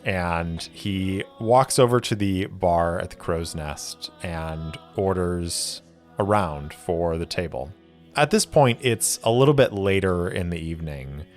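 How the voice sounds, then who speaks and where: Male game master with a deep, unhurried voice, narrating solo play deliberately. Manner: measured, deliberate storytelling. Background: faint music.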